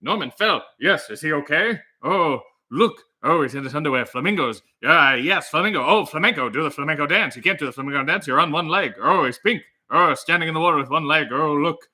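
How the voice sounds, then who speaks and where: A man doing a manic comic voice, scattered, breathless, raised pitch, bright tense tone. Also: lively intonation, fairly quick, few pauses, exaggerated voice. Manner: breathless, scattered, jumping between thoughts. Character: manic rambling male comic impression, excitable. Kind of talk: comic impression.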